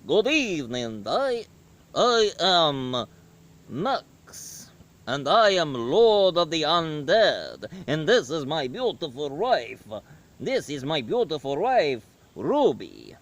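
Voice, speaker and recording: A stately vampire lord of the undead, as a man acts him out, speaking in slow, formal announcements. The voice sits a little higher than a plain voice and rises and falls with ceremony. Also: sing-song, exaggerated voice. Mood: grand.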